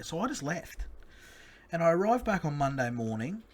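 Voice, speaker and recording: Animated Australian man telling stories. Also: on the high side, quick pace, a little hiss or hum. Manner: crude, animated storyteller. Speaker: podcast co-host. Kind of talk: casual sports podcast chat.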